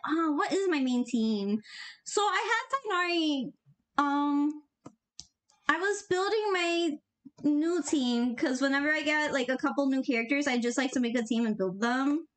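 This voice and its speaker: Drawing live for her stream, a young animator talks in a high-pitched, unhurried voice. Her chatter is casual, giggly and slangy, with a bubbly energy, and she reads out messages from chat.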